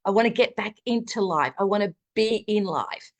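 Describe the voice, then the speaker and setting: A woman's voice: mid-range voice, moderate pace. A middle-aged woman on a video call, chatting animatedly with lots of fillers as she tells her own health story. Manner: chatty and animated, many fillers, acts out quoted dialogue. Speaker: guest sharing a personal health story. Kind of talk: casual video-call chat.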